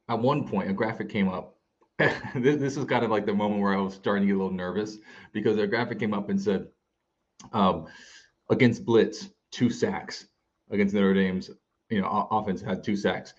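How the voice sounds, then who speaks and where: A man hosting a sports podcast, recapping a game in an animated, fast-talking way with frequent restarts. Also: on the low side, muffled recording. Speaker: podcast host.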